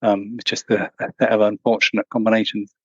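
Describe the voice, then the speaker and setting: A man answering interview questions in a measured, thoughtful way, with frequent restarts. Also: fairly low pitch, little pitch movement, breathy edge, no room sound, lo-fi sound. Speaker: guest, former truck company employee.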